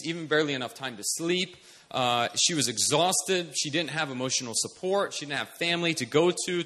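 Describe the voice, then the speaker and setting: A man preaching a sermon, animated, shifting from soft mimicry to loud commands. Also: a little high. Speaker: pastor.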